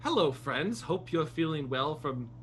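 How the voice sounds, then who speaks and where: A man's voice: fairly high pitch, animated, measured pace, slight background noise. A man playing an eager male crewman who talks in an overly polite, wheedling way.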